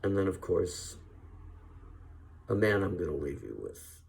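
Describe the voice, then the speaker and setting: A man's voice: low voice, sing-song, a little slow, gravelly, long pauses, a little mellow. A man rambling through a casual comic monologue of impressions. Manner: rambling, trailing off. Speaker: impressionist drummer.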